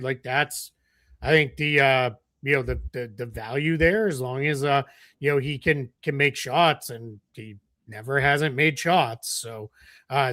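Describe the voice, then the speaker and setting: Bright-voiced man in loose basketball chat. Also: mid-range voice, no room sound, studio quality. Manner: loose, filler-heavy talk. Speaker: podcast co-host. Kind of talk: live basketball analysis chat.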